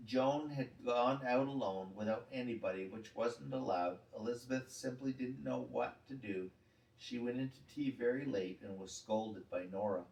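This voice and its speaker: A man reads a children's chapter book aloud, calm and steady in his storytelling. His voice is mid-pitched and sits back from the mic in a roomy space. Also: normal speed, gravelly, recorded from a distance.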